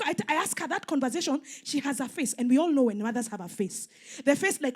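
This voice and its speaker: A young adult woman with a Kenyan accent, a pastor preaching and telling a personal story, swinging from loud to hushed. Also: high voice, fast, hardly any pauses. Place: church hall.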